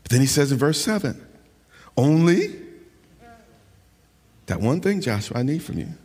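A man preaching a sermon with passion, moving between shouting and a sing-song preaching cadence, with a husky voice. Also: mid-range voice, big pitch swings, fast talker. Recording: long reverb of a large hall.

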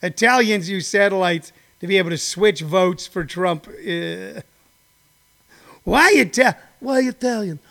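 A man putting on a loud indignant Italian-American. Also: high voice, steady tone, measured pace, creaky, few pauses, exaggerated voice. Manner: broken-English put-on Italian accent, emphatic.

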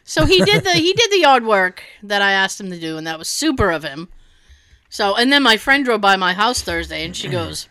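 A woman's voice: mid-range voice, brisk, no room sound. A woman telling a story in casual chat, acting out what everyone said and swearing freely. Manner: animated, acts out quotes, swears freely.

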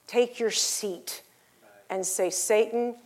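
A middle-aged woman preaching a sermon, telling stories and acting out the voices in them, rising to loud exhortation. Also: mid-range voice, steady tone, takes it slowly. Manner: acts out voices in her stories.

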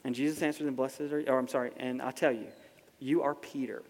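A man preaching a sermon in a casual, conversational way, dropping soft and then rising to emphatic. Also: mid-range voice, level tone, fast talker. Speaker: pastor. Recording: long hall reverb.

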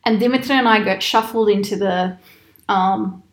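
Animated storytelling woman, echoey room. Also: medium pitch, moderate pace. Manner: animated, quotes people in raised voices, laughs often. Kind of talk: casual anecdote telling.

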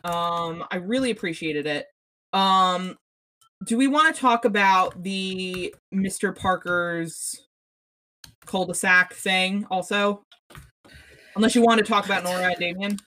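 A woman's voice: medium pitch, unhurried, sharp tone. A woman co-hosting a TV recap podcast, ranting with profanity and many restarts in casual chat. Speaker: podcast co-host.

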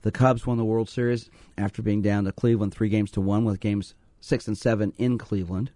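A man's voice: fairly low pitch, fairly even intonation, fairly quick, dark tone, no room sound. Earnest male radio host, dry studio. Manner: earnest, storytelling, repeats phone number. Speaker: radio host, sports psychologist. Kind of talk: call-in radio talk.

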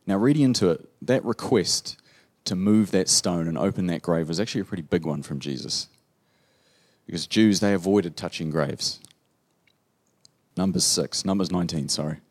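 A male pastor with a New Zealand accent delivers a sermon in a very low, deep voice. He reads old-style scripture aloud, then turns to plain conversational explanation.

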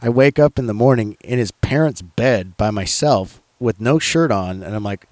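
A man's voice: mid-range voice, moderate pace, a little mellow, dry recording. A man casually telling a rambling, profanity-heavy story in a chat.

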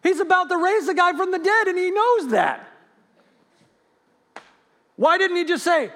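Earnest guy preaching, really high voice, goes quiet and then loud. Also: expressive, unhurried, pauses often. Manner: earnest, swings from loud to hushed. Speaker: pastor. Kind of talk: sermon.

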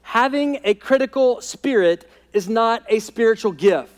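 A man preaching a sermon as pastor, emphatic, repeating key phrases and dropping to quiet intensity. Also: very high-pitched, lively intonation, unhurried, long reverb tail. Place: church sanctuary.

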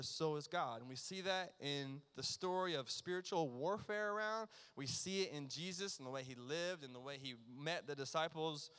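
A man preaching a sermon as pastor, earnest and emphatic, sometimes dropping to a near hush. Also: on the high side, clear, resonant tone. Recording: long reverb of a large hall.

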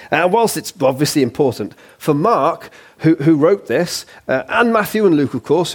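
A man's voice: fairly high pitch, slightly rough. A man preaching a sermon in a church, conversational and playful, with humorous asides.

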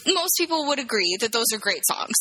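A woman recapping a movie in casual chat, acting out the characters' lines in a higher voice as she goes. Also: fairly quick, crowd noise, low-quality recording. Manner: animated storytelling, acts out characters in a higher voice.

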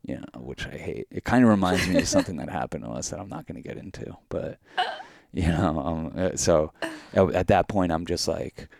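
Deep-voiced man telling a dream. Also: a little fast, creaky. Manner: animated storytelling with many fillers. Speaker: podcast co-host. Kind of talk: casual chat, telling a dream.

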